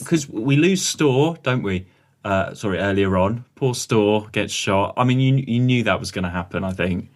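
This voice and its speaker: A man's voice: on the low side, expressive, normal speed. A man co-hosting a casual podcast chat, easygoing and recapping scenes with little quoted bits. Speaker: podcast co-host.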